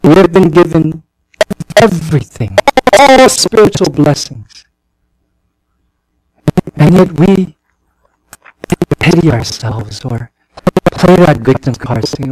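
A man's voice: on the high side, expressive, breathy edge, dry recording, low-quality recording. Man preaching, dry and close. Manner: emphatic, rising to near-shouts, then soft and halting; frequent word repetitions. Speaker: pastor. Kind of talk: sermon.

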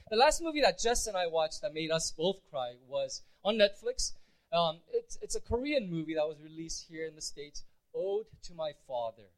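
A man's voice: high voice, big pitch swings, moderate pace, rough recording. A man preaching a conversational sermon as pastor, chatty with frequent restarts.

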